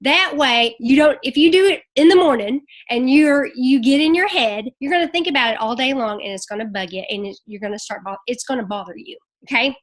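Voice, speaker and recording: A woman's voice: sits high, a little fast, hardly any pauses. A woman giving emotional, chatty, scattered motivational tips as a network marketing ambassador on a group call.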